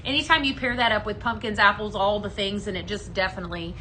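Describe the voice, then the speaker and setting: A woman's voice: medium pitch, fairly even intonation, quick pace, bright, forceful tone, slight background noise, low-quality recording. A woman hosting a live home fragrance show on a studio set, chatting in an upbeat way while she demos products and reads out viewer comments. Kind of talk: live on-air product demo chat. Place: studio set under hot lights.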